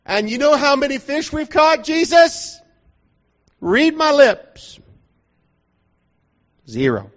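A man's voice: extremely high pitch, huge pitch swings, voice pushed up, exaggerated voice. A preacher playing a worn-out grumbling fisherman. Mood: exasperated. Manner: complaining, drawn-out and pleading. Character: weary exasperated fisherman man, grumbling after a night's work. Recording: dull lo-fi recording.

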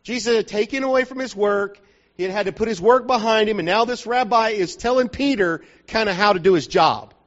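High-voiced joking preacher. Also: male voice, brisk, fairly bright tone. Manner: conversational and joking, often checks the listeners are following. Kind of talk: sermon. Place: church hall. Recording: dull lo-fi recording.

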